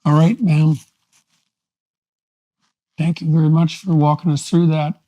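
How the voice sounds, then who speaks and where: A man in his sixties hosting an interview podcast, polite and measured. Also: a little high, level tone, dark tone, dry recording. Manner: polite, measured, brief acknowledgments. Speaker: podcast host.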